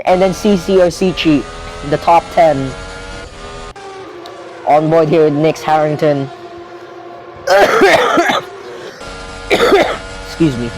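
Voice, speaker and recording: A young man commentating a video game race live, rambling and correcting himself, getting excitable when cars crash out. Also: sits high, poor audio.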